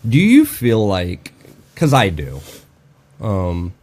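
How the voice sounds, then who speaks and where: A man's voice: fairly low pitch, wildly swooping pitch, takes it slowly, darkish tone. A man hosting a casual podcast conversation, blunt and profane, with many fillers and restarts. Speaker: podcast host and dog trainer.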